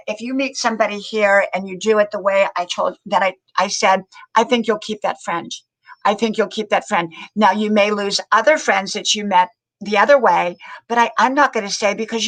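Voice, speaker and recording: A woman's voice: medium pitch, a bit bright, rough recording. An older woman hosting a casual live stream, chatting on and greeting viewers by name, often repeating her words. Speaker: livestream host.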